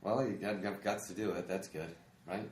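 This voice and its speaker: A man guesting on a podcast, giving brief, low-key replies. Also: steady tone, normal speed, darkish tone. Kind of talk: casual chat.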